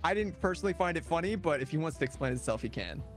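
A man's voice: on the high side, lively intonation, very fast, over loud music. A man talking during an online game with dry, joking remarks. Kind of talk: casual gaming chat.

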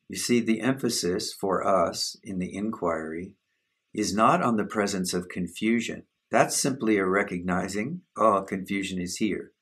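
A man giving a slow, measured, contemplative spiritual talk as a teacher leading a satsang on self-inquiry. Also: sits low, fairly bright tone, husky.

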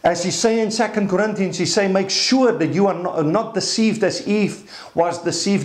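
رجل واعظ بصوت مرتفع قليلاً في قاعة ذات صدى. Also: male voice, a little high, a little mellow, roomy sound. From Africa. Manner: reads scripture aloud and explains it, with repeated restarts. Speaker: pastor. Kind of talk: sermon. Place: church hall.

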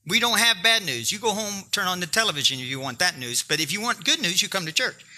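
Male pastor, high and very bright voice, emphatic sermon delivery with jokes. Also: lively intonation, quick pace. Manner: emphatic, joking preaching that talks straight to the congregation.

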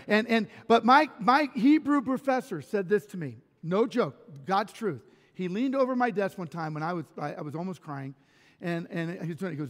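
A man's voice: sits high, normal speed, in a large hall. A man pastor delivering a sermon, telling personal stories animatedly with self-deprecating humor and frequent restarts. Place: church sanctuary.

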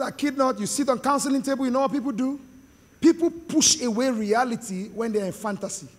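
Man, Nigerian accent, pastor, very high voice, lively preaching, reverberant hall. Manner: animated, joking, call-and-response with the congregation. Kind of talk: sermon. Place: large hall with live congregation.

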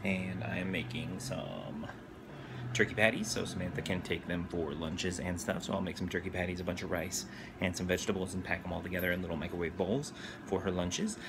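A man's voice: sits low, little pitch movement, fast talker, noisy background. A man hosting a casual daily vlog, narrating his errands and cooking with chatty, self-mocking asides. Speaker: vlog host. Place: car, stores and home kitchen.

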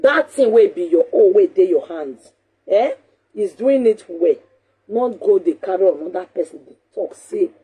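A woman with a Nigerian accent hosting a talk show, talking casually in an animated, scolding way and repeating her points for emphasis. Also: mid-range voice, moderate pace, husky, phone-quality sound.

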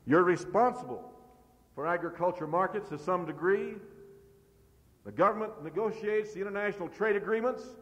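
A middle-aged man from the United States addresses a convention from the podium, his voice pitched a little high. He drives his points home with forceful repetition. The old cassette tape carries the long echo of a large hall. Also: a little fast. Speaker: farm organization leader. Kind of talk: convention speech.

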